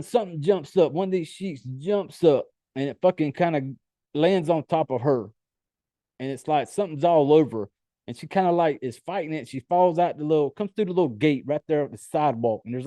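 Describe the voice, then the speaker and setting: A man's voice: fairly high pitch, brisk, warm tone, dry recording, studio quality. A man casually recapping a horror film on his podcast, swearing freely and stumbling through fillers as he retells scenes. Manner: loose, profane storytelling with many fillers. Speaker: podcast host. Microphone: home computer setup.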